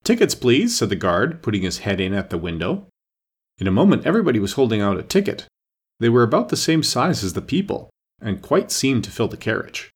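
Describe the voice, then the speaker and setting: A man narrating a children's storybook aloud with an expressive, lively delivery. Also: lowish voice, fairly quick, breathy edge. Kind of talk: storybook reading.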